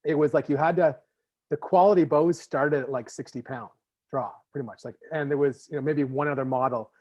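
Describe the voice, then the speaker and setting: A man's voice: a little high, a little fast, a little mellow. A man from Canada hosting a podcast interview in casual chat, rambling with many fillers and restarts. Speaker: podcast host. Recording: slightly muffled lo-fi audio.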